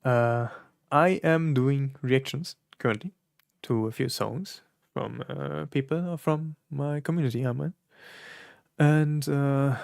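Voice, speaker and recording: Gravelly man musing on his stream. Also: mid-range voice, dry recording, clean studio sound. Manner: hesitant, many fillers and restarts, reflective. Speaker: streamer reacting to songs. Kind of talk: casual live-stream commentary.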